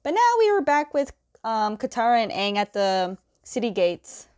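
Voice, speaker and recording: A woman casually retelling the scenes of a comic, quoting the characters' lines with fillers and quick self-corrections. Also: fairly high pitch, very animated, a little mellow. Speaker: comic recap host. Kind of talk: casual story recap.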